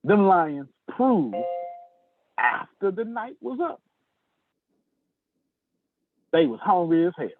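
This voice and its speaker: A man's voice: sits high, big pitch swings, measured pace. A man giving a sales lesson in a fiery, preacher-like style, calling on listeners by name over a video call. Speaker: sales trainer. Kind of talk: sermon-style sales lecture. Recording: tinny dry phone-like line.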